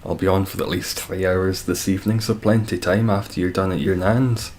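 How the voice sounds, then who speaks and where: A man's voice: deep voice, steady tone, fairly quick, a little mellow, slight background noise. A Scottish man chatting casually with viewers on a live stream, laid-back and swearing freely as he reads the chat. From Scotland.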